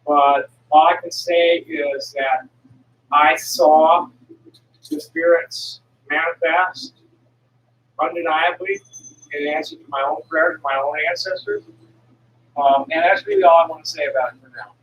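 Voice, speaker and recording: An herbal medicine seller in her sixties who works on the road speaks in a low, animated, unhurried voice. Her monologue rambles and digresses with many restarts, and she's blunt enough to curse now and then. The echoey room is recorded at a distance, with faint ambience and slight background noise.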